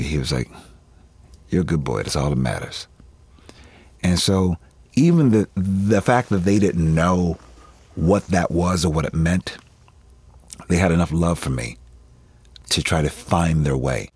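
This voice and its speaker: Low husky-voiced man telling stories. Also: unhurried, long pauses, no echo. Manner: warm, laughing often, acts out family voices. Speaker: interview guest, actor. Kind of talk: candid personal storytelling.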